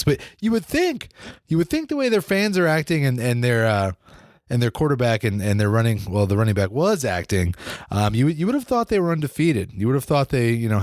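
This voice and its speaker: A man talks through a casual solo podcast in a fairly low voice. He rambles and restarts his sentences often. The sound is close and dry, with no room echo. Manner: rambling, many restarts and fillers. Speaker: podcast host. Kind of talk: casual solo podcast about football and beer.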